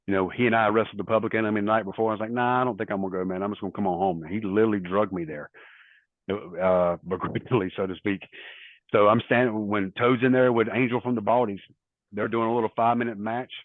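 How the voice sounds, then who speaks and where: Middle-aged male guest, lowish voice, anecdotal and rambling, phone-quality audio. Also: steady tone, fast talker, no room sound. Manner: rambling anecdotal storytelling with quoted dialogue. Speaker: interview guest, former wrestler. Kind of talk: casual storytelling interview. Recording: tinny phone-like line, dry.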